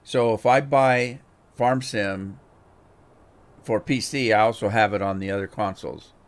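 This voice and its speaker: In an unhurried manner and at fairly low pitch, a middle-aged man hosts a game livestream. He chats casually while playing, rambling and often repeating words as he works out his thoughts.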